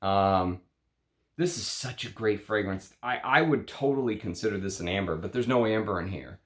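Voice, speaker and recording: A man's voice: lowish voice, lively intonation, normal speed. A man talking casually to his viewers about perfumes, chatty and emphatic, with frequent fillers and restarts. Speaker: fragrance reviewer. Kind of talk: casual perfume review monologue.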